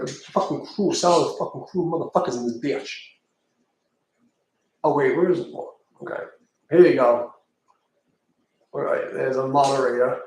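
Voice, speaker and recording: A man's voice: medium pitch, a little mellow, slight background noise. A man chatting casually and profanely on a live stream as a tarot reader, rambling and laughing often. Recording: very echoey room, mic far off.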